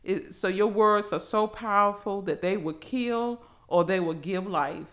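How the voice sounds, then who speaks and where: A middle-aged woman, a pastor who speaks earnestly and deliberately while teaching scripture on a podcast. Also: mid-range voice, a bit bright.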